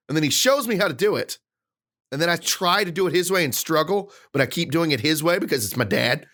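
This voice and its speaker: This podcast co-host, a man in his thirties, talks fast with a fairly high pitch. He rants casually through a long story, animatedly voicing lots of quotes along the way.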